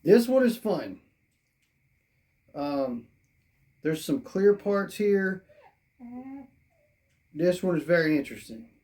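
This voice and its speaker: Hoarse and saying they're losing their voice, a toy reviewer talks through an unboxing, rambling and thinking aloud. The mid-range voice is animated but slow-paced, with long pauses.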